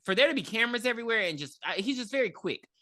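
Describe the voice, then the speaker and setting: Woman podcaster recapping a movie, bright voice, pitch all over the place. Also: rapid-fire, dry recording. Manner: animated retelling with voiced quotes and laughs. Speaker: podcast co-host. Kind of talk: casual movie review chat.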